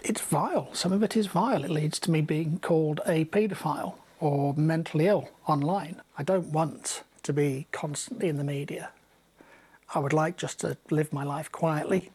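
A woman interviewed for a news clip, speaking in a quiet, earnest, weary way. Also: low-pitched, normal speed, slightly rough.

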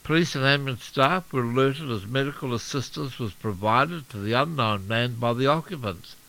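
A man with a New Zealand accent reading a local radio news bulletin in a steady, measured way. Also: medium pitch, gravelly, low-quality recording. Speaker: radio newsreader.

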